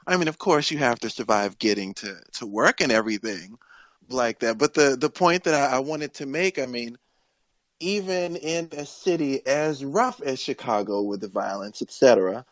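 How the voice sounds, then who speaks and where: A man appearing as a guest on a podcast, talking in a measured, earnest way with frequent restarts. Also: medium pitch, animated, fairly bright tone, no echo, highs cut off. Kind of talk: casual political chat.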